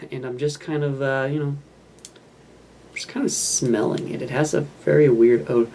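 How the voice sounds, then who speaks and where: A gravelly, fry-edged voice that wanders through loose, self-mocking commentary as a film plays, fiddling with a model kit between remarks. A faint hiss of noise sits under it. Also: mid-range voice, fairly even intonation, moderate pace, a little mellow. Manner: rambling, self-mocking, offhand. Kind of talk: casual running commentary over a film.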